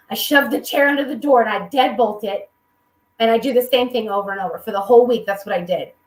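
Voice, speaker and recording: A woman's voice: fairly high pitch, reverberant, poor audio. A woman speaking candidly at a recovery meeting, telling her own story with humor and acting out the people in it. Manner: candid, humorous, quotes people in lively voices. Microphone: video call.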